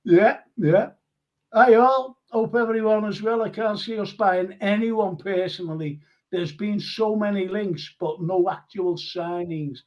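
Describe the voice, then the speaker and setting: A man's voice: sits high, measured pace, darkish tone. Chatty man hosting a muffled live stream. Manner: chatty, laughs often, reads viewer comments aloud. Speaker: host of a live fan show. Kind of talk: casual live-stream chat.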